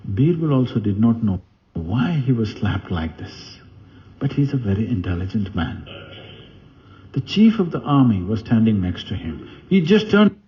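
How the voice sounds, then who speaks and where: A man's voice: on the low side, sing-song, normal speed, muffled recording. A man giving a spiritual talk, telling stories with animation and asking the audience questions. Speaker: spiritual teacher. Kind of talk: spiritual discourse with storytelling.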